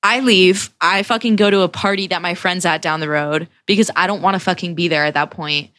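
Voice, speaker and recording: A young woman in her twenties hosting a podcast, telling a personal story in a casual, profane, animated way and acting out what people said. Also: on the low side, a little fast, no echo. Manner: profane, animated retelling with acted-out quotes. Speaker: podcast host.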